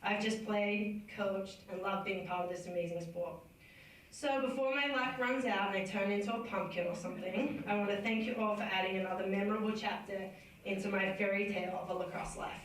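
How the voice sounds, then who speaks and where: A woman's voice: mid-range voice, fairly quick, slight background noise. Woman acceptance speech, self-deprecating humor, heavy hall echo, far from the mic. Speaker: award inductee and coach. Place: banquet hall. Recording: echoey hall recorded from far off.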